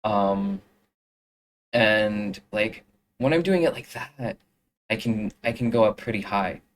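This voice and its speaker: Young live streamer, unhurried, filler-heavy chat while making art. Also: medium pitch, slight background noise, poor audio. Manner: rambling, full of fillers and restarts.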